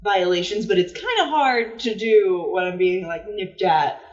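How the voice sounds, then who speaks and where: A woman telling her character's moves in a tabletop role-playing session, slow and unhurried, breaking into giggles. Her voice rings in an echoey room. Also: mid-range voice, distant mic, highs cut off. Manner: giggly, relaxed storytelling. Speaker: tabletop game player.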